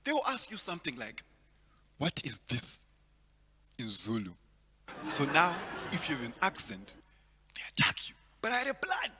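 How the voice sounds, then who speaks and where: A man from Zimbabwe performing a stand-up comedy set, telling stories and acting out the people in them with big jumps in loudness. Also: a little high, brisk, background noise. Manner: animated storytelling, acts out characters with big swings in loudness. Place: large hall at a virtual event. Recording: long hall reverb.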